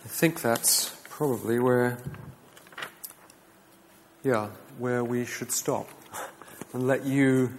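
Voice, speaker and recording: A man's voice: mid-range voice, darkish tone, a little hiss or hum. Earnest man speaking in a reverberant hall. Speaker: teacher leading a group discussion. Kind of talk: reflective talk to a group.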